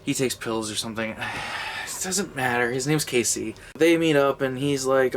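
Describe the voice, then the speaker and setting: A man's voice: medium pitch, normal speed, hardly any pauses, a little hiss or hum. A young man giving a casual, rambling comedic movie review, sarcastic and sweary, laughing as he goes.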